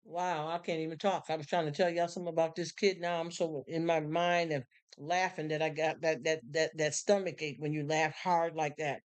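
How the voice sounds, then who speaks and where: A woman's voice: low-pitched, level tone, brisk, clear, resonant tone. A woman hosting a casual livestream, reading viewer comments with effusive, slangy talk and frequent laughter. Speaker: livestream host.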